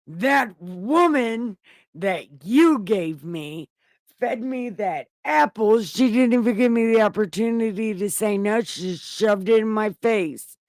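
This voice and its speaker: A woman voicing Adam as a whiny, defensive man who complains loudly in a raised voice. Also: expressive, slow, no echo, studio quality. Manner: high-pitched shouting complaints.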